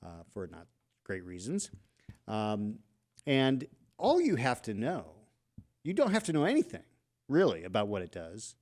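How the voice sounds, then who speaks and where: Male co-host, casual political chat; animated, lively pitch swings. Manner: animated, talks in quick bursts with restarts. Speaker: podcast co-host.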